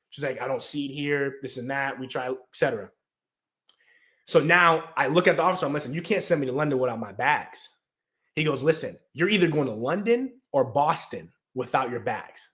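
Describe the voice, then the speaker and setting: A young adult man from the United States in casual storytelling chat, animated, acting out quotes and laughing often. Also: mid-range voice, fairly quick. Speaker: guest storyteller.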